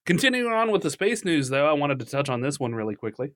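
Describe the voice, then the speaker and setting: A man co-hosting a casual podcast, chatting and reading news articles aloud in an animated way. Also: on the high side, quick pace, dry recording, studio quality. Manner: animated, reads at length, laughs easily. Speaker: podcast co-host.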